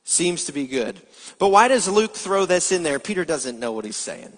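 A man's voice: fairly high pitch, very animated, moderate pace. A man giving a sermon as pastor, explaining scripture and asking his listeners rhetorical questions. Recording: long hall reverb.

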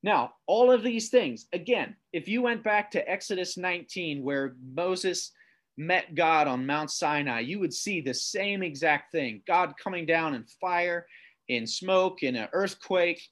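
A preacher delivering a sermon straight to viewers at home, with a fairly high voice. He reads scripture aloud and slows right down on the words he wants to land. He keeps turning questions back on the listener. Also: animated, a bit bright. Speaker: pastor.

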